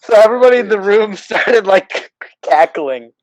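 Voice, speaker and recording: A man's voice: sits high, expressive, moderate pace, crowd noise, rough recording. A young man co-hosting a podcast, telling a story in a hesitant, self-deprecating way. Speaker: podcast co-host. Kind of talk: casual chat.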